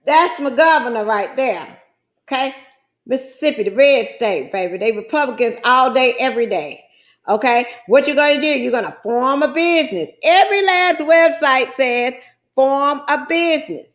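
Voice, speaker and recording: High-voiced chatty woman. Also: lively intonation, normal speed. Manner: folksy, chatty, calls viewers guys and child. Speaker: trucking business coach. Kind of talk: screen-share tutorial.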